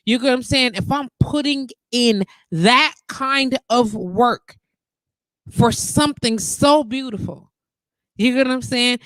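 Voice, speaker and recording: Female live-show host, fairly high pitch, lively and talkative. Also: no echo. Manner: animated, repeats "you get what I'm saying". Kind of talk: casual live-stream chat.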